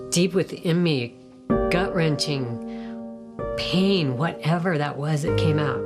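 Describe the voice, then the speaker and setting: Slow, low-voiced woman over guitar. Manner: emotional, reflective storytelling. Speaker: testimony speaker. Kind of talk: personal testimony. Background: loud guitar music.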